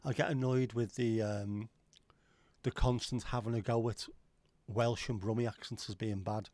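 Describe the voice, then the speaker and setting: A male livestream host with a lowish, level, slightly mellow voice speaks at a moderate pace while going through viewer comments. His chat is rambling and jokey with casual swearing, recorded with no room sound.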